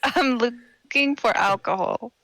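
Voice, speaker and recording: A tabletop game player talking slowly in a bright, gravelly voice. The sound is dry and close. The talk is loose and teasing, with frequent laughs. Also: medium pitch, no room sound, poor audio. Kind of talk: casual tabletop game chat.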